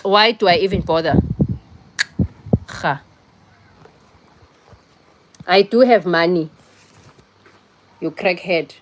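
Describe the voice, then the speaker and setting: A woman's voice: fairly low pitch, takes it slowly, pauses often, a little hiss or hum. A young woman hosting a casual livestream on her phone, chatting bluntly with viewers and scolding people in the comments. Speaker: livestream host. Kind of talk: casual live-stream chat with viewers.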